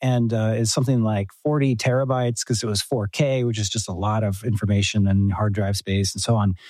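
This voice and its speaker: A man's voice: on the low side, flat delivery, fairly quick, a little mellow, no room sound, low-quality recording. A man, a documentary filmmaker, talking earnestly in an interview with many fillers and restarts. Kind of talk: casual interview talk. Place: home room.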